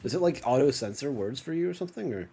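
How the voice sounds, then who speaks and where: A man hosting a gaming video, chatting casually, getting excited and laughing often. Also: mid-range voice, fast, vocal fry. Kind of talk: casual gameplay banter. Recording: noisy game-capture audio.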